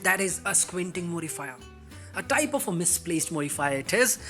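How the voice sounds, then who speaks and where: A man teaching an English grammar lesson in an upbeat way. He calls viewers guys, asks rhetorical questions, and slows down to stress words in example sentences. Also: sits high, expressive, sharp tone, soft background music.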